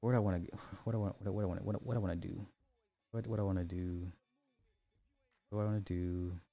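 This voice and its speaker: A man hosting a casual livestream, reading chat questions in an animated, slangy way with lots of repetition and swearing. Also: sits low, fast, dry recording, soft background music.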